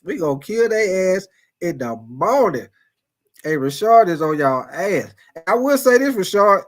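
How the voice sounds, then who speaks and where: A fairly high-pitched man hosts a live sports show, chatting loosely with his viewers and reading their super chats. He jumps between hyped bursts and low, drawn-out asides, repeats himself a lot, laughs readily, and calls chatters by name.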